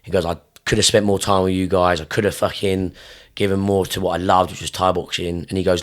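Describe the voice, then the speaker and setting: Man, young adult, fight coach, podcast interview, low voice, emphatic, swears a lot, repeats himself. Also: level tone, fast talker. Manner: intense and emphatic, heavy swearing, repeats phrases; voice jumps higher and louder when fired up. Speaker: gym owner and Muay Thai coach.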